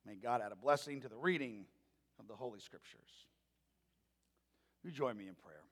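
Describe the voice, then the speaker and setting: A man's voice: mid-range voice, moderate pace, long pauses, husky, big-room sound. A man in his forties, a pastor preaching a sermon in a church with folksy, conversational storytelling. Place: church sanctuary.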